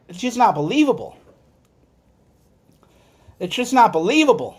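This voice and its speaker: A man ranting as a political commentator, swearing and heated, swinging between loud outbursts and low muttered asides. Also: very animated, moderate pace, long pauses, breathy edge. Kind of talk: angry livestream rant.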